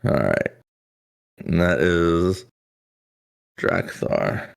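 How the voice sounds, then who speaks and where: A man's voice: low voice, big pitch swings, drawn-out words, gravelly. A man narrating as game master of a tabletop game, loose and rambling, with lots of "like" fillers.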